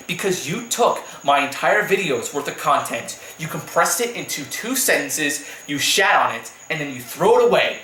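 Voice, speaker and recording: A man's voice: fairly high pitch, animated, normal speed, few pauses, sharp tone, roomy sound, rough recording. A man delivering a heated, profanity-laced rant as a YouTube commentator, repeating himself for emphasis. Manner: heated, profane, repetitive ranting. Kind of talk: angry rant vlog.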